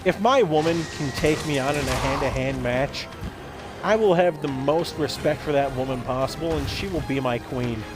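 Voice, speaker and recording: Man, slightly high voice, rambling comedic monologue, deadpan absurd tales, loud game music behind. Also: normal speed. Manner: acts out quoted lines in voices. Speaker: gaming video host.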